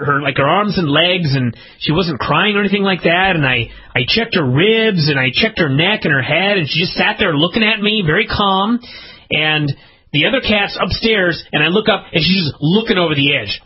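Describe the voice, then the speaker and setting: A man co-hosting a podcast, telling a casual, profane story and jumping into high-pitched outbursts. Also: breathy edge. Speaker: podcast co-host. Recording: dull lo-fi podcast audio.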